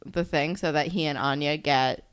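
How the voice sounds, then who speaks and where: A woman's voice: deep voice, steady tone, clear, resonant tone. A woman from New Jersey with a New Jersey accent, chatting casually as a podcast co-host and acting out quotes. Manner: chatty, quick to laugh, acts out quotes. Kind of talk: casual recap chat. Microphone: desk microphone.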